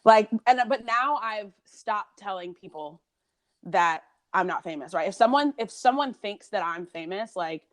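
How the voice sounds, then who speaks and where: A woman co-hosting a podcast in casual chat, animated, laughing often and acting out her own thoughts. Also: mid-range voice, measured pace. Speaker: podcast co-host.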